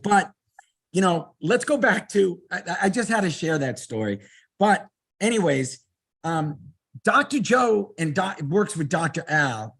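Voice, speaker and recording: Excitable guy hosting a webinar, high voice that bounces all over, a bit husky. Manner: excited, animated, stumbles over his words. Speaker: webinar host. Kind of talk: enthusiastic webinar chat.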